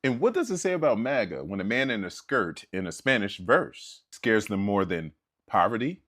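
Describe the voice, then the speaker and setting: A man gives opinion commentary and puts rhetorical questions to his audience. His voice is low and his pitch swings dramatically. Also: big pitch swings, normal speed, a bit bright.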